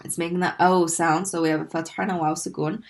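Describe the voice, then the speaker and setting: A woman's voice: lowish voice, flat delivery, quick pace. A woman teaching a recorded Arabic lesson, patiently repeating sounds for learners to practice.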